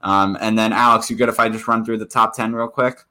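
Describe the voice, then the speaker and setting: A man's voice: on the low side, steady tone, a little fast, bright, forceful tone. A man co-hosting a casual sports podcast, rambling with frequent restarts. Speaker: podcast co-host.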